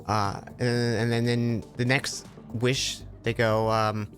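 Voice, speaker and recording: A man's voice: medium pitch, flat delivery, takes it slowly, a bit bright, faint music behind. A man chatting on a live gaming stream, telling a long joke with lots of stammered restarts. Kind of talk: casual live-stream chat while gaming.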